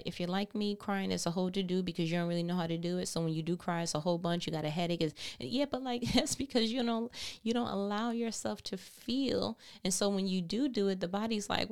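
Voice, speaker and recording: A woman's voice: fairly low pitch, creaky, clean tone. A woman hosting a faith-based motivational talk, earnest and encouraging, asking rhetorical questions. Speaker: host.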